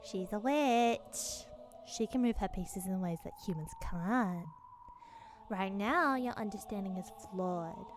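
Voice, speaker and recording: A woman voicing an eerie little girl who lectures slowly and ominously during a casual visual novel read-along. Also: medium pitch, a little hiss or hum, pitched below the performer's own voice, lightly acted.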